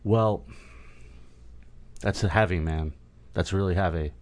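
Low-voiced joking podcast host man. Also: takes it slowly, a little mellow. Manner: joking, blunt, swears. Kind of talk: casual podcast chat.

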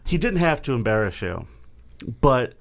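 A man's voice: mid-range voice, sing-song, normal speed, gravelly. A man hosting a podcast, joking and blunt in casual chat. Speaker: podcast host.

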